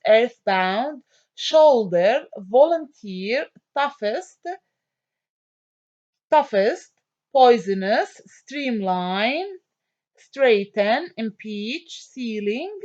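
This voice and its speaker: A woman teacher giving an online phonics lesson, repeating each word slowly and checking in with "okay?". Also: a little high, a little mellow. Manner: slow, drawn-out word repetition with frequent "okay?" checks. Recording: dull lo-fi sound.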